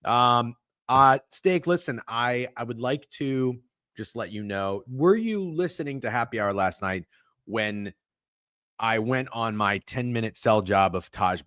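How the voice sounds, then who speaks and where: A man's voice: mid-range voice, lively intonation, a little slow, fairly bright tone, no echo, clean studio sound. A man hosting a sports betting podcast, talking in casual, profane, defensive banter. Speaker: podcast host.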